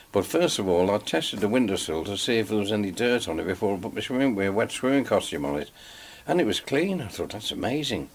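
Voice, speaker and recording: An older man with a deep, husky voice tells a story from his past, unhurried, dropping to quiet asides. It is an archive oral-history interview. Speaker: interviewee recalling holidays.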